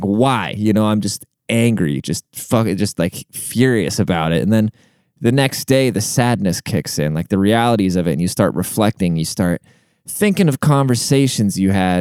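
A man's voice: fairly low pitch, a little mellow, clear, resonant tone, dry recording. Rambling, earnest young man, dry close mic. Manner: rambling, heavy filler words, frequent swearing; earnest and emotional. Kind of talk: casual personal storytelling.

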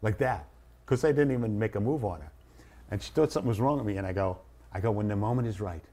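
A man in his sixties, a comedian guest telling stories in an animated way and acting out his bits. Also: lowish voice, fast. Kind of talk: casual storytelling.

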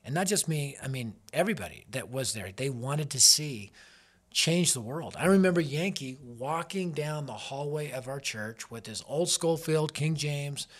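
A man in his fifties, a youth ministry leader giving an earnest, emphatic devotional talk woven with personal stories. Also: medium pitch.

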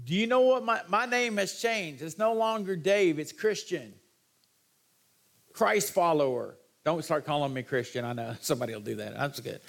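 Gravelly pastor preaching. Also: male voice, high voice. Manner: animated, folksy, rising to excited outbursts. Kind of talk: sermon.

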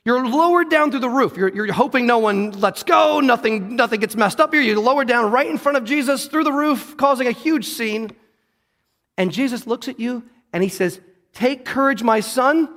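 A man's voice: very high-pitched, expressive, moderate pace, fairly bright tone, big-room sound. A man preaching a sermon, earnest and often repeating or correcting himself as he goes. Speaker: pastor.

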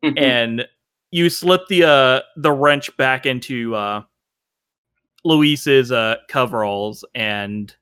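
Male game master, bright, slow, halting delivery, slightly itchy throat. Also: mid-range voice, clear, resonant tone, dry recording, studio quality. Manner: halting, many fillers. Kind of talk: narrating a tabletop game.

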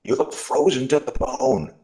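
A man's voice: mid-range voice, very animated, a little slow, warm tone, voice pushed up, poor audio. A man doing a kindly, fussy old shopkeeper. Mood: cheerful. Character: kindly old male shoemaker, fretful and hopeful.

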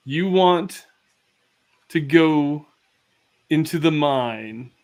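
A man's voice: a little high, animated, drawn-out words, a little mellow, full character voice. A man putting on a menacing goblin queen. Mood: mocking.

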